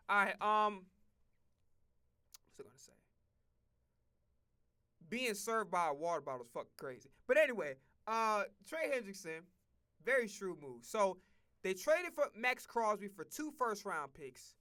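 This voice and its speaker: A man streaming casual sports commentary, profane and rambling, with excitable outbursts. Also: high-pitched, moderate pace, long pauses.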